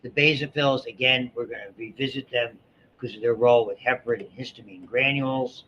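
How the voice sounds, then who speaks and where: A man's voice: medium pitch, steady tone, a little fast, bright, forceful tone. A middle-aged man teaching a biology class, chatty and digressive, with frequent restarts and asides. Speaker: biology instructor. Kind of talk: classroom lecture. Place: lecture classroom. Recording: dull lecture recording with faint hiss.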